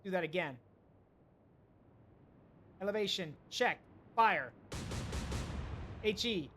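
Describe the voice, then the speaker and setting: Man, high voice, live game streamer, thinking out loud, hesitant. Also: expressive, slow pace. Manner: thinks aloud, hesitant, talks to chat. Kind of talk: live gameplay commentary.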